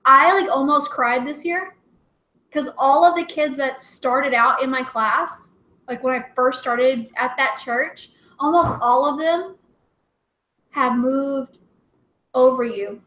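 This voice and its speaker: Bright giggly young woman, roomy sound. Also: high voice, slow pace. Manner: giggly, rambling, full of "like" fillers. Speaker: livestream co-host. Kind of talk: casual chat. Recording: roomy echo.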